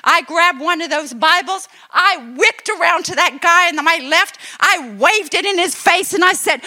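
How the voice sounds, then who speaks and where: A middle-aged woman preaching, telling a testimony story and acting out her own excited quotes. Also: very high-pitched, a little slow. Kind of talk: sermon testimony.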